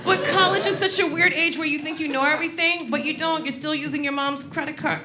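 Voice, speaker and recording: A woman comedian hosting a live show, telling stories in a brash, laughing, animated way. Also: sits high, fast. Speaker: comedian host. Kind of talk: comedic storytelling on stage. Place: stage before a live audience. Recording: live show with crowd noise.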